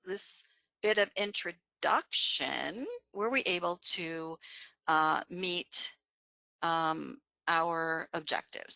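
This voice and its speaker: A woman's voice: fairly low pitch, sharp tone, clear, resonant tone, no echo. A woman presenting an online teaching session, explaining patiently with many fillers and "right?" check-ins. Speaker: webinar presenter on bilingual education.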